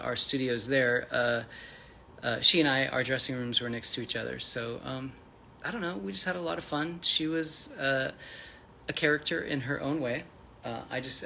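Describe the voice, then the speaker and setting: A man's voice: medium pitch, pushed and bright, slight background noise. A man hosting a casual livestream, reading out and answering chat comments in a friendly, rambling way with many fillers and restarts.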